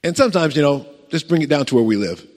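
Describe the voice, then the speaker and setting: A man preaching a sermon, telling a story with lively acted-out voices and chuckles and putting questions to the congregation. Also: a little high, quick pace. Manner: animated storytelling, acts out voices, chuckles, asks the crowd questions. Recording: long reverb of a large hall.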